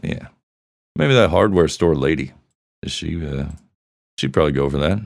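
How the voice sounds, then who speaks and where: A man's voice: very deep voice, animated, normal speed, vocal fry, dry recording, studio quality. A man hosting a podcast, joking crudely and chatting casually as he plays voicemails. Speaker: podcast host. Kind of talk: casual banter reading voicemails.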